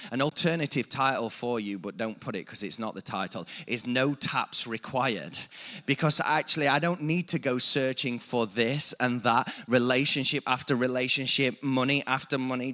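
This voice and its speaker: A man's voice: medium pitch, pushed and bright. A man preaching a sermon, building emphasis with repeated phrases and stopping to correct himself. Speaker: pastor.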